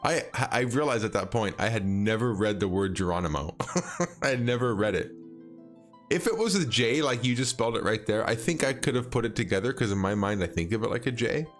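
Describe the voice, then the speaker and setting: A man's voice: lowish voice, animated, a little fast, faint music behind. A man chatting casually with viewers while streaming a game, rambling and hesitant, full of fillers and restarts and frequent chuckles. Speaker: livestreaming game player. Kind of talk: casual gameplay chat with viewers.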